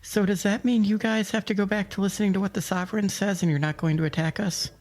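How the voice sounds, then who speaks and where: A man voicing a hesitant adventurer, pitching his voice much higher for a nervous in-character question. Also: fairly even intonation, fast, darkish tone, close to an everyday voice. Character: timid adult male adventurer Alwyn.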